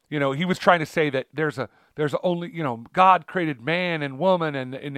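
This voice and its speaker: A man's voice: on the high side, no echo, studio quality. A man co-hosting a casual talk show about faith, rambling with many fillers and restarts. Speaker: podcast co-host.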